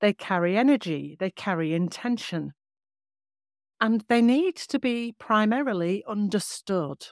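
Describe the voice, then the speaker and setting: A woman voice coach explaining vocal technique in a clear, measured teaching manner. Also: mid-range voice, animated, no room sound, clean studio sound. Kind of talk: podcast teaching.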